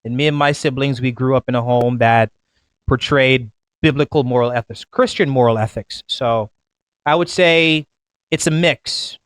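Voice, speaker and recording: A man from Jamaica with a Jamaican accent, chatting casually in clear, careful customer-service diction. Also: mid-range voice, normal speed, fairly bright tone, dry recording. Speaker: pastor. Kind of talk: casual chat.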